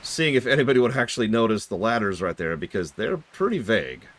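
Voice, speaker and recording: Brief: male streamer with a low voice, rambling and jokey live game commentary, pitch swinging up and down a lot. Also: sing-song, quick pace, a bit bright. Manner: rambling, joking, self-deprecating asides; talks to chat while playing.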